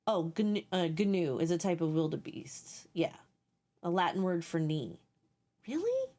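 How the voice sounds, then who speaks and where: A woman's voice: lowish voice, big pitch swings, unhurried, dark tone. A woman live streaming a video game, chatting casually, swearing at enemies and thanking viewers.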